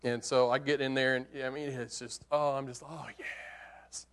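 Animated man telling a sermon story. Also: medium pitch, fairly quick, smooth. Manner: animated storyteller, rises to excited outbursts. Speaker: preacher.

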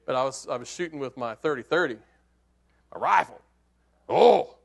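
A man delivers a sermon, using a hunting story as an illustration and telling it in a lively, conversational style that moves between hushed and excited. His voice is gravelly, medium in pitch, and paced at a normal speed.

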